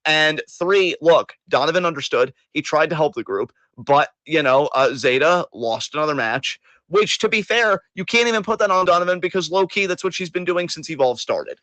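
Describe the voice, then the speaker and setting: A man's voice: a little high, expressive, moderate pace, hardly any pauses, pushed and bright, dry recording. A man hosting a casual podcast chat, joking, laughing and swearing casually. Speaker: host.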